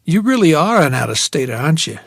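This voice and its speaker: An earnest, easygoing teenage boy who speaks respectfully and eagerly, as a male narrator puts him on. The voice sits a touch higher than usual. The recording is close and dry for a storybook reading. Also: big pitch swings, quick pace, creaky, no room sound, heavily acted. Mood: friendly. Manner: polite, eager.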